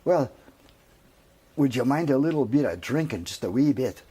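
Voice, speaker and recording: A man voicing a huge, jolly Scotsman with a put-on Scottish accent, loud and blunt. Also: medium pitch, lively intonation, moderate pace, slightly rough. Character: huge hearty Scotsman in full kilt, man.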